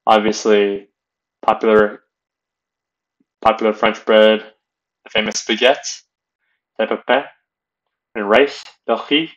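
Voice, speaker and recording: A man's voice: on the low side, fairly even intonation, slow pace, pauses often, muffled recording. A man narrating a beginner language lesson, explaining carefully with fillers and restarts. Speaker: language teacher.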